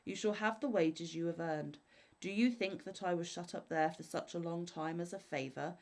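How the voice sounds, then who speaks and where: A woman voicing a mighty male spirit from a bottle who is haughty and menacing, squealing shrilly when trapped and booming when free. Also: moderate pace, a little mellow, close to an everyday voice. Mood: booming threat.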